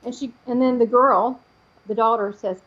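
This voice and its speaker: Woman guest, psychic storyteller; lively, acts out quotes; fairly high voice, muffled recording. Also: moderate pace. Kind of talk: telling a personal story in an interview.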